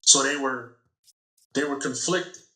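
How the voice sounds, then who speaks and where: Bright-voiced man, podcast host, echoey room. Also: mid-range voice, takes it slowly. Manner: affirming, retells stories with quotes. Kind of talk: casual podcast chat.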